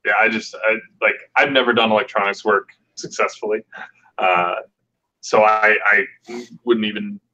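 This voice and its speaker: A man hosting a casual online hangout, rambling and halting with lots of fillers. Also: lowish voice, steady tone, pushed and bright. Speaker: host. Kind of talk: casual chat. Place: online video call. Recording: dull lo-fi audio.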